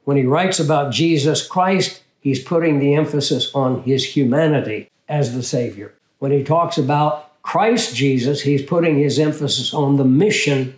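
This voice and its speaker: An older man teaching scripture as a pastor, his voice set a bit higher than most men's. He talks in a measured way and keeps asking questions and answering them himself. The room around him rings with a noticeable echo. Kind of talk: Bible teaching.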